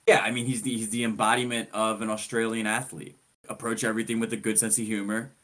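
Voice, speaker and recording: A man co-hosting a podcast, running through a sports story in a relaxed, joking, conversational way. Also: lowish voice, fast talker. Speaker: podcast co-host. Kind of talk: casual sports chat.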